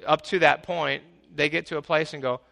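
A man preaching a sermon as pastor, swinging from quiet asides to loud, exclaiming passages. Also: a little high, fairly even intonation, moderate pace, creaky.

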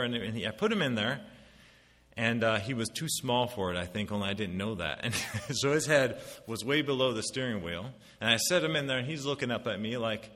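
Bright-voiced man preaching in a reverberant hall. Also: medium pitch, expressive, fairly quick. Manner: dynamic preaching, swings from loud emphatic declarations to quiet confiding asides. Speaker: pastor. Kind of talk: sermon. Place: church sanctuary.

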